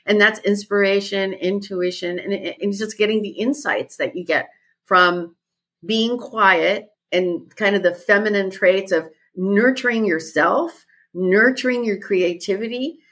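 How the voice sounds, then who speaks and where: A woman's voice: mid-range voice, measured pace, a bit bright, slightly rough. A woman guest who leads retreats, talking thoughtfully in a podcast conversation and repeating her key phrases.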